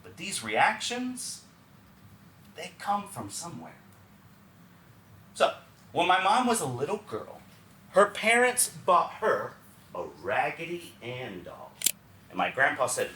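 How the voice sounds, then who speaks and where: A man from Texas tells stories in a one-man stage show, animated and conversational. His pitch is fairly high and swings widely, and his tone is bright. The sound is roomy, with faint theater ambience behind him. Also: slow pace, long pauses, distant mic, slight background noise. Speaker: solo stage performer.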